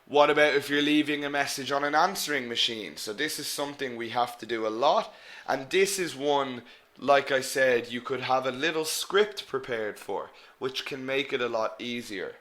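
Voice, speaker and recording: A man teaching an online business English lesson, coaching students and repeating example phrases slowly and clearly. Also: medium pitch, a bit bright.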